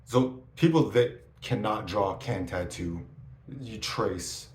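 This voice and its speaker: Low-voiced man, swears a lot, rambling casual story, echoey room, faint hiss. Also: slow pace. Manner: profane, rambling, restarts often. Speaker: interviewee.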